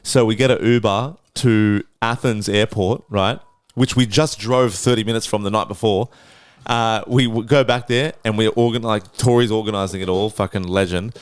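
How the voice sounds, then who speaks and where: A young podcast host from Australia, with a fairly low, smooth voice and no echo, speaks at a moderate pace. He casually recounts a story, swears freely, and acts out the quoted lines with energy.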